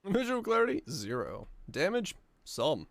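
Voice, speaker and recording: A man with a hoarse, raspy voice chatting offhandedly and joking while streaming a game. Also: high-pitched, wildly swooping pitch, unhurried, dry recording. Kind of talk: casual gaming stream chat.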